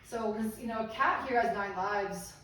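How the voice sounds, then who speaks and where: In a seminar room that echoes, recorded from afar with a little noise, a middle-aged woman gives a health talk live. Her mid-range voice is unhurried and fairly bright, and she stays earnest and encouraging while asking her listeners questions.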